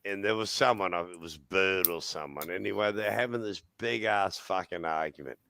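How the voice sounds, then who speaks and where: An Australian man telling a funny story in casual chat, laughing often and jumping into high voices for the people he quotes. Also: moderate pace, gravelly, sharp tone, a little hiss or hum.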